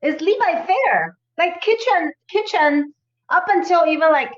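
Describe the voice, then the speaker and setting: A woman chef as a guest in a casual interview, speaking in halting, non-native phrasing. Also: extremely high pitch, expressive, roomy sound, lo-fi sound.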